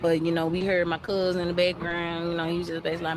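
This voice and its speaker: A woman recounting events in a casual, halting way with many fillers. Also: lowish voice, little pitch movement, crowd noise. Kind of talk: interview recollection.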